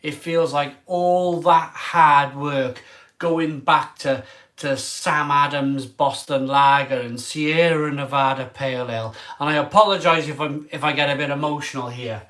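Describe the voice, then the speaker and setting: A man in an emotional vlog monologue as a craft beer reviewer. He sounds tearful and halting, and often trails off mid-sentence. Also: a little high, fairly even intonation, a bit bright.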